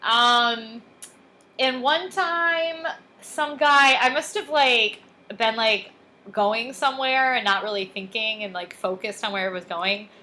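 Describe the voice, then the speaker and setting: A woman's voice: a little high, takes it slowly, sharp tone. A young woman co-hosting a podcast, chatting casually and laughing as she recaps a TV show. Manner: chatty and laughing, with frequent ums and likes. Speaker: podcast co-host.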